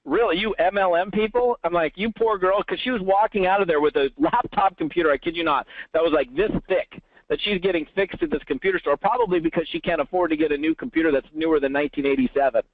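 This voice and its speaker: A man telling stories in an animated way during an interview, acting out the voices of people he quotes. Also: on the high side, fast, no room sound. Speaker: network marketing trainer, guest. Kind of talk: storytelling interview answer. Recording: tinny phone line.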